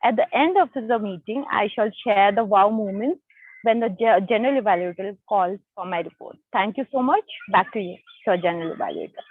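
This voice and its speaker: Bright woman over a tinny line. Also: medium pitch, a little fast. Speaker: meeting role player. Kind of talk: brief role report.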